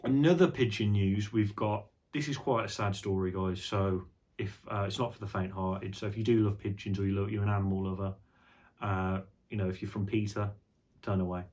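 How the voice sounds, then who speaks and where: A man's voice: on the low side, steady tone, fairly quick, darkish tone. A young man chatting casually on an unscripted vlog, rambling and jokey, with some swearing. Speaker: vlogger.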